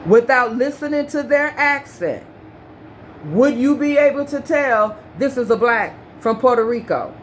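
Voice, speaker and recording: A woman's voice: a little high, lively intonation, measured pace, slight background noise. A woman giving an emphatic opinion rant to the camera, full of repeated points and rhetorical questions. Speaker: commentary vlogger.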